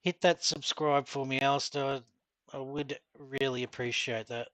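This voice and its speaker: A man's voice: medium pitch, steady tone, moderate pace, fairly bright tone, no room sound. Australian male streamer, middle-aged, easygoing and talkative, dry close-miked sound. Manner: chatty, reads out and answers viewer comments. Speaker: gaming streamer. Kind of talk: casual live-stream chat while gaming.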